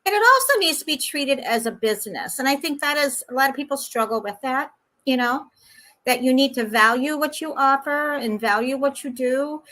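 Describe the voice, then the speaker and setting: A woman's voice: high voice, animated, normal speed, pushed and bright, low-quality recording. A woman hosting a talk show, affirming her guest often and rambling with many "you know"s. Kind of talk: casual interview talk.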